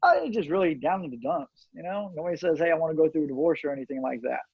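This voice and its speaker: Middle-aged male guest, earnest and halting, somewhat higher voice, dry lo-fi sound. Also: expressive, breathy edge, no room sound. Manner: earnest storytelling with many fillers and restarts. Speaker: cigar company owner, guest. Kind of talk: casual interview chat. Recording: dull, dry lo-fi audio.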